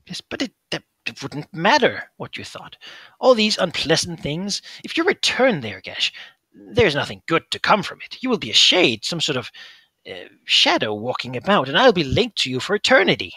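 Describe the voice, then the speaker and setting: A man's voice: fairly high pitch, huge pitch swings, normal speed, sharp tone, breathy edge, no echo, voice pushed up, full character voice. A man voicing a pleading male demon bound to a hero, coaxing and wheedling in a raised voice.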